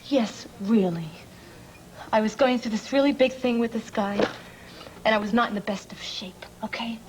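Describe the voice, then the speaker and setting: An actress playing a proud young woman cop who talks in a brisk, guarded way. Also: a little high, slight background noise, lightly acted.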